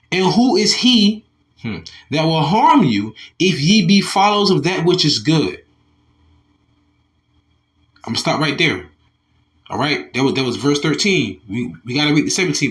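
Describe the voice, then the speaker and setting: A man's voice: medium pitch, a bit bright. A man from the States, reading a news article aloud and commenting on it with Bible verses. He talks animatedly, restarts and repeats words, and calls his listeners y'all. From Southern United States. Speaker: religious commentator.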